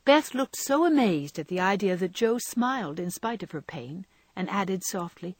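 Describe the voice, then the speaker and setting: A woman narrating a novel in a gentle, measured reading style. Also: mid-range voice, expressive, no echo. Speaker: audiobook narrator.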